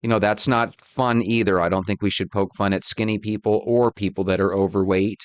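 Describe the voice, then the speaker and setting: A man's voice: fairly low pitch, steady tone, brisk, clean tone, no echo. A man hosting a talk channel, introducing clips and commenting in a friendly, conversational way. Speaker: host. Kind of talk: casual commentary.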